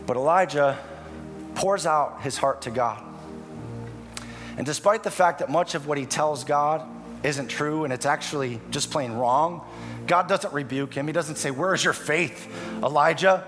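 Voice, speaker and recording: A male pastor preaches with passion in a high voice, dropping soft and then rising loud. His sermon echoes with a long reverb through a church hall. Soft music plays beneath. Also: measured pace. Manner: impassioned, swings from hushed to loud.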